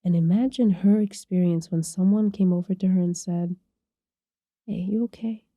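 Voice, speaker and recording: A woman's voice: on the low side, fairly even intonation, fairly quick, no room sound, dull audio. A woman therapist, a guest on a podcast, explaining her ideas in a reflective, conversational way. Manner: reflective, explanatory, repeats words when restarting.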